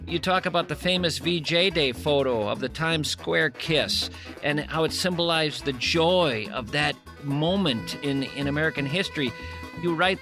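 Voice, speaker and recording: A man's voice: a little high, normal speed, over music. A man hosting a radio interview, enthusiastic and reading passages aloud to his guest. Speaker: radio host.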